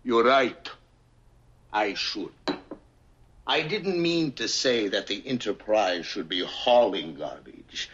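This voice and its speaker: A sneering alien warrior who drags out his insults in a slow, swooping voice. The sound is dull and lo-fi, like old TV audio. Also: lowish voice, lively intonation, fairly bright tone, breathy edge, exaggerated voice. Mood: mocking. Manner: taunting, mimics a Scottish accent. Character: mocking swaggering male alien warrior.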